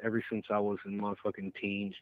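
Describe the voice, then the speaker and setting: A man's voice: on the low side, no room sound. Swearing young man on a tinny line. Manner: profane, laid-back, swears freely. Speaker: interview guest. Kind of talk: casual chat.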